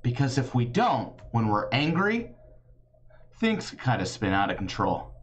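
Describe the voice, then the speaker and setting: A woman teacher reading a picture book aloud to children, with big expressive swings in her delivery. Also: very deep voice, measured pace, slight background noise, rough recording. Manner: animated, big swings for characters.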